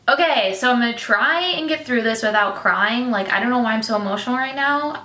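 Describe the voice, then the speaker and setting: A woman's voice: a little high, fairly quick, few pauses, bright, forceful tone. Chatty young woman, echoey room. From Michigan. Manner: chatty, candid, lots of "like" and "um". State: tearful, getting emotional. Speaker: vlogger, military wife. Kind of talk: personal vlog talk to camera.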